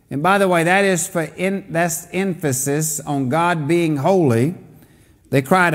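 Man, pastor, fairly high voice, reads scripture then explains it, church hall reverb. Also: a little slow. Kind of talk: Bible study teaching.

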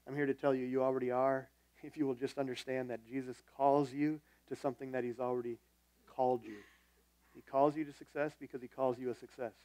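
A man's voice: mid-range voice, a little mellow, no room sound. A man preaching a sermon as the church's pastor, telling a personal story in a conversational, self-deprecating way.

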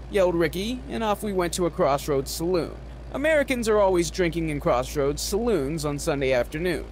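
A man reading a novel aloud as narrator, with an expressive delivery. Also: a little high, brisk, hardly any pauses, a little hiss or hum. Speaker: audiobook narrator.

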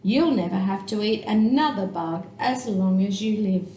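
A woman voicing a tender, caring mother bat in a storybook read-aloud, with a soft, gentle delivery. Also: medium pitch, normal speed, reverberant, slight background noise, lightly acted. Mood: coaxing.

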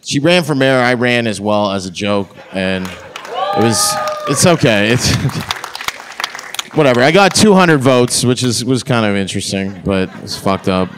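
A man's voice: medium pitch, lively intonation, a little slow, a faint crowd. A man performing a crude, brash stand-up comedy set on a theatre stage. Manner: crude, brash punchline delivery.

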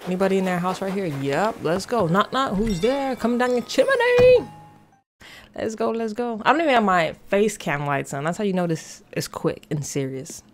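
A woman giving casual gameplay commentary as a vlogger, excitable, rushed and playfully dramatic. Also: fairly low pitch. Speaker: gaming vlogger.

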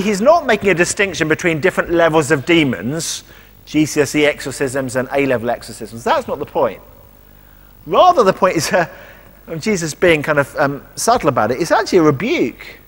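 A man with a voice on the high side and a fairly bright tone preaches a sermon in church, captured with the long reverb of a church hall. His delivery is conversational, full of rhetorical questions and acted-out quotes.

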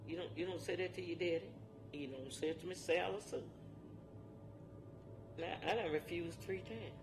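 An older woman, giving a personal account in dialect speech, repeating phrases for emphasis. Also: low voice. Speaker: interviewee. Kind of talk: personal testimony. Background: music.

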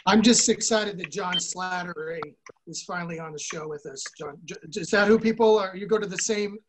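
A man's voice: high-pitched, brisk, background noise. Brief: male co-host, dry and self-mocking, casual. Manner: dry, self-deprecating jokes. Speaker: podcast co-host. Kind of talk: casual banter.

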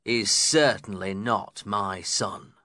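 A man voicing a harsh, scornful middle-aged landlord who speaks fiercely, coldly and slowly. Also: lowish voice, bright, forceful tone, dry recording, studio quality. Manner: fierce, cold and slow.

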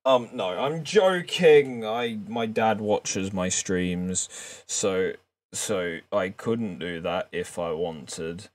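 Speaking very slowly in a lowish voice, this man streams a game live and talks casually, wandering from thought to thought, poking fun at himself, and cursing frequently.

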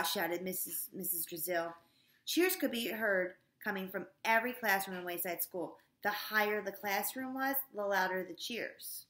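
A woman's voice: medium pitch, normal speed, fairly bright tone. A woman teacher reading a storybook aloud to her students, with casual, chatty asides. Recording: echoey room.

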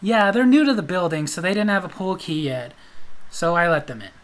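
A man's voice: sits high, sing-song, a little fast, fairly bright tone. A man voicing a chatty wife. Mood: cheerful.

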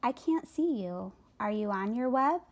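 A woman voicing an anxious young male pig who talks in a slow, begging way. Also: a little high, animated. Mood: pleading.

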